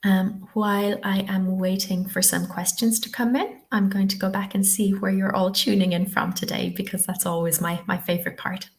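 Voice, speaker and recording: A woman's voice: mid-range voice, little pitch movement, normal speed, few pauses. A woman from the west of Ireland, presenting a live online teacher-training webinar in a chatty, encouraging way, often checking with "okay?".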